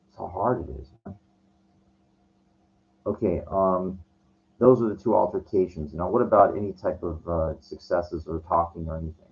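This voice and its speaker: A low-voiced man rants through a story, swearing often and tripping over his own restarts. His voice comes through a dull, lo-fi recording. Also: normal speed, gravelly, long pauses. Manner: profane, agitated, stumbling restarts. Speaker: vlogger. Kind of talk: casual storytelling rant.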